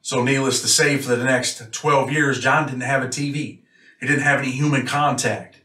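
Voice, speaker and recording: A man's voice: mid-range voice, fairly even intonation, moderate pace, sharp tone. A man from New York State, a former prisoner, telling a story in a blunt, matter-of-fact way. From Rochester, New York. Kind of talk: casual storytelling. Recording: roomy echo, mic a bit far off.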